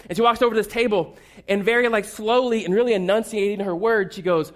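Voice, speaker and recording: A man's voice: high voice, fast talker. A man preaching a sermon as a pastor, telling funny family stories in a conversational, self-deprecating way.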